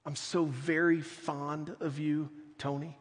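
A man playing Jesus as a gentle, tender figure, speaking softly and slowly. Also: fairly high pitch, flat delivery, long reverb tail.

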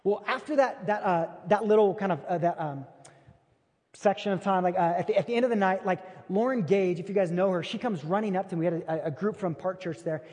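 A man with a notably high voice preaches to a big church crowd, spinning a story in a chatty, animated way. His words ring out with a long hall echo behind them. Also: brisk. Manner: conversational, animated retelling. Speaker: pastor. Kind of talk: sermon with storytelling. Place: large church auditorium.

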